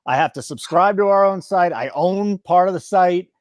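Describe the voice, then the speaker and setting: A man's voice: high-pitched, moderate pace, dry recording, clean studio sound. A man hosting a sports betting show, joking and mock-indignant in casual banter.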